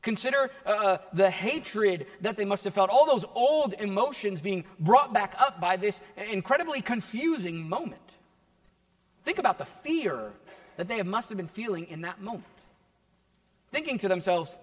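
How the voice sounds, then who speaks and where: High-voiced man preaching a lively sermon. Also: normal speed. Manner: storytelling, lively retelling of a Bible story. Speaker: pastor. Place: church sanctuary. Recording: church hall with long reverb.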